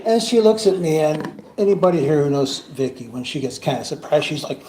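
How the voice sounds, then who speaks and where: A man's voice: fairly high pitch, expressive, brisk. Joking man giving a eulogy, roomy hall. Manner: jokey, laughing anecdotes. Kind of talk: storytelling eulogy at a funeral. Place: funeral service room. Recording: roomy hall with clear background noise.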